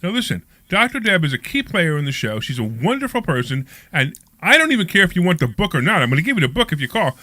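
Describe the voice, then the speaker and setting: A man hosting a casual radio talk show, jokey and animated, pushing listeners to call in. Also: fairly high pitch, fast talker, few pauses, no echo.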